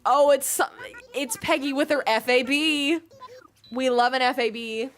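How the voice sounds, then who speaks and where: A young woman with a high-pitched voice talks at a measured pace while streaming a game. Bubbly and giggly, she chats casually with viewers, reads out chat, and muses about how words are pronounced.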